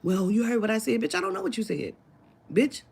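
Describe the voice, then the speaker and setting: A woman's voice: a little high, big pitch swings, brisk, creaky, darkish tone, husky. A woman telling a long story in casual talk, acting out the quoted dialogue, swearing freely and dropping into whispers. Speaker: spiritual reader telling a client story.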